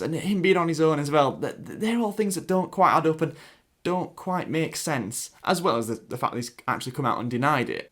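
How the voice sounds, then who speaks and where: A man's voice: fairly high pitch, a bit bright. A man with a Sheffield accent giving casual commentary, hesitant with many restarts. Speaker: YouTube commentator.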